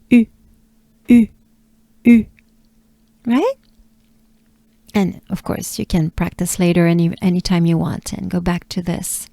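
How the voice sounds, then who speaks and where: French-accented woman, pronunciation coach, very slow patient drills, soft mellow voice, dry close sound. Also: fairly low pitch, no echo. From France. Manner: patient, coaxing, repeats sounds slowly with breathy asides.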